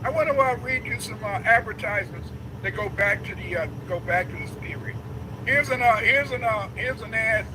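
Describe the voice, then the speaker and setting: Emphatic high-voiced man lecturing. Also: expressive, moderate pace. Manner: preachy, emphatic, builds to shouts. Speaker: guest lecturer. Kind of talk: livestream lecture. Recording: background noise.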